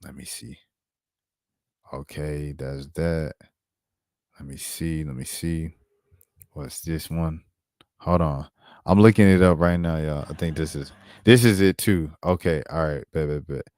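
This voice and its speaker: A very deep, darkish male voice moves at a measured pace with frequent pauses, recorded at studio quality without echo. He's a sports commentary host on a casual basketball stream, laid-back and slangy, repeatedly saying "bro" and "dog" as he pulls up clips.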